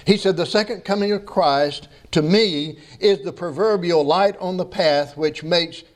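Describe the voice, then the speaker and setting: A man's voice: sits high, measured pace. A man preaching a sermon to his congregation, reading scripture and then joking with the people in a folksy way. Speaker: pastor. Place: church sanctuary.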